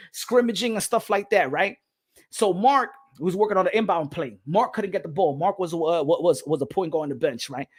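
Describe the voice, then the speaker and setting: A man telling an animated story, emphatic and repetitive, acting out quotes loudly. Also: high-pitched. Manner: emphatic, repeats phrases, acts out quotes loudly. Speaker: boxing podcast host.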